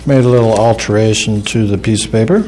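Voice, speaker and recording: A man's voice: lowish voice, quick pace, darkish tone, a little hiss or hum. A man telling folksy, humorous stories to an audience, mocking himself with a dry wit. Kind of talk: storytelling talk to an audience.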